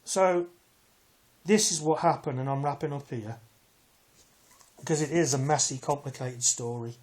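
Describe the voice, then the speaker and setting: A man's voice: medium pitch, moderate pace, darkish tone. A man, telling an aggrieved personal story in a rambling way, full of restarts and asides. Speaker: vlogger. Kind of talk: casual storytelling to camera.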